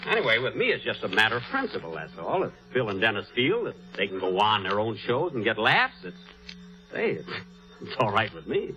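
A man hosting a 1940s radio comedy, vain and easily huffed, with drawn-out pauses. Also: lowish voice, wildly swooping pitch. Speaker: comedy show host. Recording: muffled old radio broadcast.

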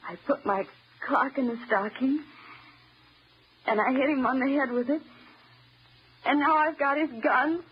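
A woman playing an unhinged, vengeful escaped wife who taunts her husband slowly and menacingly, in old-time radio drama style. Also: high-pitched, husky, full character voice. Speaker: escaped asylum patient wife. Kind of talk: 1940s radio acting. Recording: dull old radio broadcast, faint hiss.

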